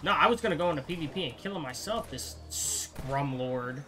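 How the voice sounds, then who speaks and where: A man's voice: fairly high pitch, expressive, brisk, sharp tone. A young man chatting casually while playing a game online, swearing often and rambling through stories. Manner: swears a lot, rambling anecdotes. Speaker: gamer co-playing. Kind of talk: casual gaming chat.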